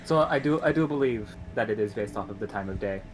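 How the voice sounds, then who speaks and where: A man playing his character in a tabletop role-play, speaking haltingly and laughing off his own remarks. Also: lowish voice, animated. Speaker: player. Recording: noisy background hiss.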